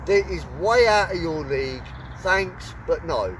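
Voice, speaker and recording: Man voicing a scornful working-class tough, fairly high voice, outdoor noise. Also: lively intonation, a little slow. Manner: dismissive, scoffing. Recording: distant mic with loud outdoor noise.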